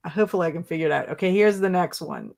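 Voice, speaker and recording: A woman's voice: on the low side, quick pace, vocal fry, darkish tone. A woman hosting a casual book livestream, reading viewer comments aloud and laughing often. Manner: giggly, chatty, laughs often at viewer jokes. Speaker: booktube livestream host.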